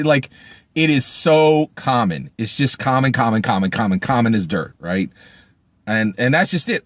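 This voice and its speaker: A man's voice: medium pitch, no echo. A man giving a casual spoken book review, emphatic, and he often asks "right?". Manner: emphatic, keeps asking "right?"; animated, acts out quoted speech.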